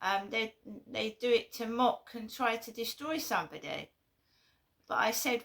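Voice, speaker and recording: A woman's voice: a little high, animated, unhurried, vocal fry, fairly bright tone. A woman vlogging in an indignant, rambling way with many fillers. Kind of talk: casual vlog monologue.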